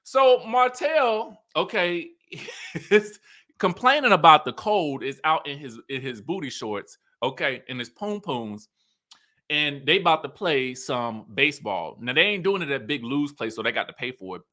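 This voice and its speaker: A man's voice: a little high, moderate pace. A man with a Southern US accent casually recapping a reality show, acting out lines and laughing often. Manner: animated storytelling, acts out cast members' lines. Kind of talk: casual chat.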